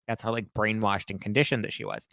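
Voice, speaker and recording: A man hosting a casual book recap, telling the story in a gossipy, dramatic, animated way. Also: lowish voice, fast talker, creaky, no room sound. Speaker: host.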